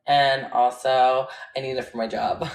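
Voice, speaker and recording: A woman's voice: extremely low pitch, steady tone, slow pace, darkish tone. A woman chatting casually on a livestream, answering viewer comments in a candid, rambling way and laughing often, on a phone mic. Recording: echoey room.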